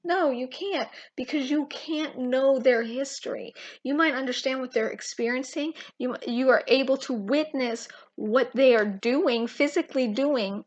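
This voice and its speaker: A woman giving an informal, impassioned Bible teaching, emphatic and full of pauses and restarts. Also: sits high, lo-fi sound. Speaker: Christian teacher.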